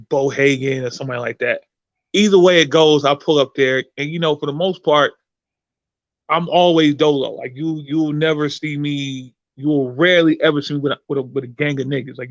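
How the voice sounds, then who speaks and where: A man hosting a podcast, telling a story in a profane, animated way with many restarts. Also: medium pitch, no room sound, dull audio. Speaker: podcast host and performer. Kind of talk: casual chat, storytelling.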